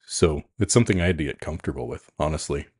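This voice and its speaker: A man co-hosting a podcast as a coach, talking calmly and frankly and thinking aloud with frequent restarts. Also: very deep voice, fast, breathy edge, dry recording. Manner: calm, frank and reflective, restarts often. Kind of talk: casual chat.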